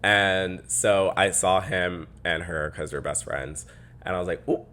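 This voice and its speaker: Low-voiced chatty man podcasting. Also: steady tone, unhurried, pushed and bright. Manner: chatty, lots of "like" fillers. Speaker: podcast host. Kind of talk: casual storytelling. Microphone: podcast microphone.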